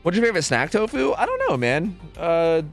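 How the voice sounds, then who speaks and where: A man's voice: sits high, wildly swooping pitch, fairly quick, vocal fry, soft background music. A young man streaming a game, chatting casually and rambling through answers to chat, often stumbling and repeating words.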